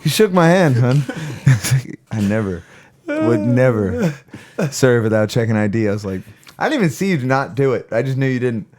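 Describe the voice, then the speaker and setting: A man's voice: mid-range voice, very animated, normal speed, a little mellow. A man co-hosting a podcast, talking bluntly with heavy profanity and frequent laughter in casual chat. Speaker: podcast co-host. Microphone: studio podcast mic.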